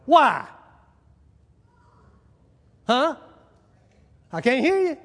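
A man preaching a sermon as a pastor, animated, asking the congregation questions and acting out little scenes. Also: very high-pitched, slow pace, pauses often. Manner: animated, asks the crowd, acts out little scenes. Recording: hall reverb.

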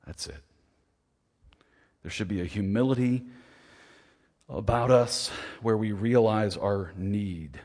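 A middle-aged male pastor preaching a conversational, self-deprecating sermon with animated emphasis. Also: on the low side, big-room sound. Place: church sanctuary.

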